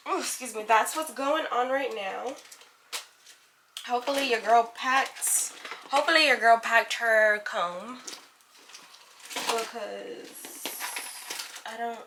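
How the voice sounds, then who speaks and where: A woman's voice: fairly high pitch, takes it slowly, pauses often, noisy background. Chatty young woman vlogger. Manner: chatty, addresses viewers as y'all and honey. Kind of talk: casual vlog chat. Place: indoors at home getting ready.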